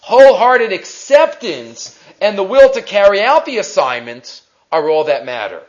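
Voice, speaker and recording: A man's voice: sits high, sing-song, unhurried. A man teaching a Torah class as a rabbi, reading sources aloud and explaining them with emphatic rhetorical questions. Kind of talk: text-based Torah lecture. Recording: dull lo-fi recording.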